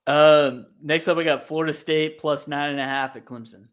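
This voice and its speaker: Man, podcast host, brisk and matter-of-fact while reading sports picks. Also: a little high, fairly even intonation. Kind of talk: casual sports betting chat.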